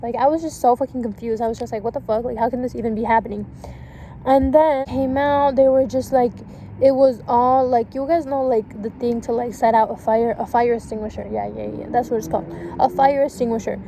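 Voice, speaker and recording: A woman's voice: on the high side, steady tone, fairly quick, warm tone, poor audio. A young woman casually telling a storytime vlog, swearing a lot and filling her talk with "like" and "and shit.". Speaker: vlogger. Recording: faint background noise.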